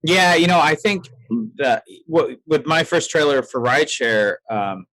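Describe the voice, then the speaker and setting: Brief: male podcast host and filmmaker, slightly high voice, loose rambling chat. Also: lively intonation, measured pace, sharp tone. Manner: rambling, with many fillers and restarts. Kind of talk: casual chat.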